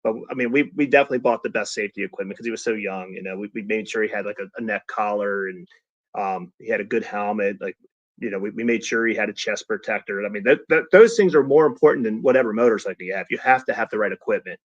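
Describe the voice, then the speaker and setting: A man's voice: on the low side, fast, no echo, highs cut off. A middle-aged man telling casual stories as a podcast guest, acting out quotes with lots of restarts. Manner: animated storyteller who acts out quotes, many restarts. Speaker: podcast guest, father of a young racer. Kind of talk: casual storytelling chat.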